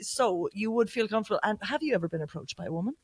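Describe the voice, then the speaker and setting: A young adult Irish woman hosting a podcast, chatting casually with quick asides and the odd swear. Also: mid-range voice, expressive, slightly rough, no room sound, studio quality. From Ireland. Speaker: podcast host. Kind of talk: casual interview chat.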